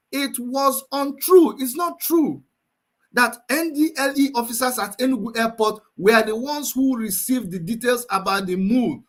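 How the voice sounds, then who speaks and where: Nigerian guy ranting on his stream, high voice, says stuff twice to hammer it in. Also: fairly bright tone. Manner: emphatic, repeats phrases for force. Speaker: livestream host. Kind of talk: passionate livestream commentary.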